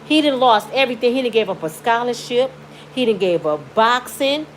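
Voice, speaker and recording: A middle-aged Michigan woman, a YouTuber, vents from her bed at home in an emotional personal vlog rant, outspoken and pleading, swinging between indignation and tears. Her voice is a little high with lively intonation at a normal speed. The low-quality recording carries a faint hiss or hum.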